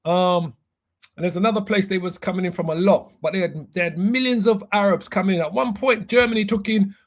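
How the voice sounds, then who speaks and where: Male bishop, higher-pitched, casual teaching tone. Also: fairly quick. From United Kingdom. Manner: laughs at himself, stumbles over pronunciations. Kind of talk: Bible teaching.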